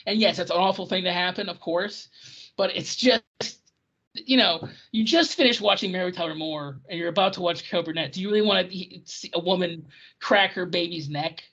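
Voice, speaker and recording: Excitable ranting podcast co-host, lo-fi. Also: mid-range voice, fairly quick, slightly rough. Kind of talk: casual chat about old TV. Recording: dull lo-fi recording.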